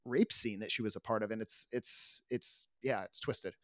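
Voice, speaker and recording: A man hosting a conversation, speaking casually and haltingly with many fillers. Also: fairly low pitch, a bit bright, no echo. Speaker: host.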